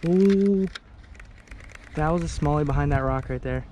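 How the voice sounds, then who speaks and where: A man's voice: on the high side, measured pace, a little hiss or hum. A young man casually vlogging a fishing trip outdoors on a lake, talking to the camera and exclaiming whenever a fish bites. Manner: excitable, exclaims often.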